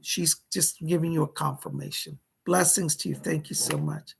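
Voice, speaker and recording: A man's voice: fairly high pitch, moderate pace, creaky, noisy background. A man hosting a livestream as a psychic medium, guiding a meditation and then chatting through readings. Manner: soothing instructive guidance, then chatty and excited. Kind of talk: live-streamed guided meditation and psychic readings.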